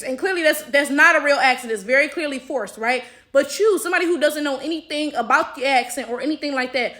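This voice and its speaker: A woman's voice: high-pitched, bright, forceful tone. A woman with an African American accent giving blunt, exasperated commentary and swearing freely. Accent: African American English. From United States. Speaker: commentary vlogger. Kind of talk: opinion commentary.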